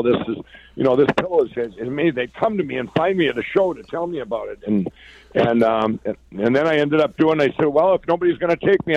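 A man from Minnesota, a company founder and interview guest, telling his story in a rambling, excited way with many restarts. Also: medium pitch, muffled recording. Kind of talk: conversational storytelling.

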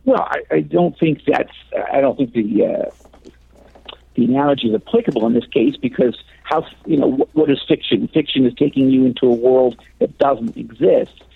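Gravelly husky guy on a tinny phone line, guest author, lots of uhs and restarts. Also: medium pitch, expressive, normal speed. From United States. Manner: rambling, many fillers and restarts. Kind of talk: radio interview.

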